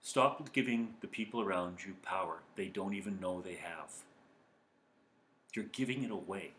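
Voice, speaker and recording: A man giving calm, earnest self-help advice as a coach speaking to viewers. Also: low-pitched, moderate pace, slight background noise. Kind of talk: motivational talk to viewers. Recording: echoey room.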